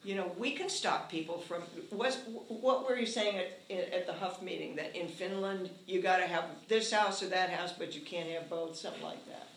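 An older man with a high, bright voice tells a story at a community meeting. He sounds animated and earnest with a wry edge. The echoey room carries a faint hum. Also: moderate pace, few pauses. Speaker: housing activist speaker.

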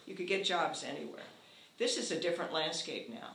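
An older man with a high, bright voice tells a story at a community meeting. He sounds animated and earnest with a wry edge. The echoey room carries a faint hum. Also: a little fast. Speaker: housing activist speaker.

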